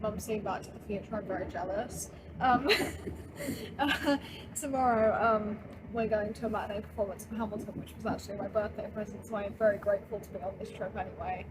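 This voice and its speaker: A woman's voice: mid-range voice, steady tone, fairly quick. A young woman, chatting casually and laughing at herself while vlogging a trip on her phone. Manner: chatty, giggly, self-deprecating. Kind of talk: casual travel vlog. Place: train, busy streets and hotel room. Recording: noisy street and train background.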